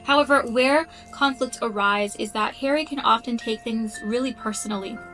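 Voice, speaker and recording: A woman with a slightly high voice explains things in an earnest, casual way, thinking aloud as she goes and dropping the occasional "um". Soft music plays faintly behind her. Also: normal speed, low-quality recording. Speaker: astrology content creator.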